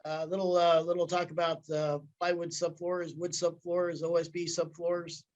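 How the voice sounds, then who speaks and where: A man's voice: fairly high pitch, completely flat delivery, moderate pace, a little mellow, muffled recording. A man hosting a casual chat, mostly giving brief reactions before wrapping up the episode. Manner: brief reactions and wrap-up remarks. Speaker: host.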